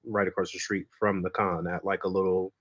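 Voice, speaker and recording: A man hosts a podcast and talks in an easy, laid-back way. He swears freely and trails off with fillers. His voice sits a little low. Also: level tone, fairly quick, a bit bright, muffled recording. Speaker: podcast host. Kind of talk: casual chat.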